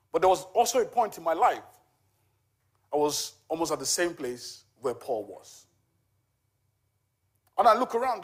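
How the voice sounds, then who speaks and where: Before a church congregation, a man in his forties who volunteers for a charity relates a personal testimony in a fairly bright voice pitched a little above most men's. He keeps it loose and chatty, frequently pausing on little fillers.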